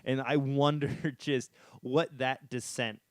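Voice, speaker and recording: Smooth-voiced man hosting a chat podcast. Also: mid-range voice, fairly even intonation, takes it slowly, no room sound. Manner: laughs often, drives the conversation. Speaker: podcast host. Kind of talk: casual chat.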